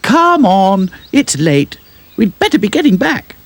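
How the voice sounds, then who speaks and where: Man doing a bright little girl doll, high and soothing. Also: very animated, unhurried, no room sound, heavily acted. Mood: encouraging. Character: cheerful sensible female rag doll.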